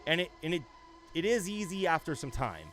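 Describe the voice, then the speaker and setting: Excitable male race commentator. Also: on the high side, music in the background. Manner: quick, excitable calls of the race. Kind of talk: live play-by-play commentary.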